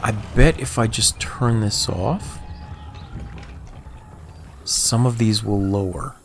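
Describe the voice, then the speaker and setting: Male game streamer, lowish voice, relaxed think-aloud chatter to chat, slight cough. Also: slow pace, background noise. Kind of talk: casual livestream chat.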